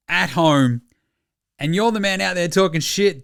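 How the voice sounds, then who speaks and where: This Australian sports podcast host has a fairly high voice and talks at a moderate pace. His chat is casual and lively, full of jokes and profanity.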